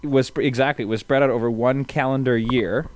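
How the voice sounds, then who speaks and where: A young man co-hosting a casual podcast, explaining things with wry jokes and quick asides. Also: medium pitch, steady tone, a little hiss or hum. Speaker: podcast co-host.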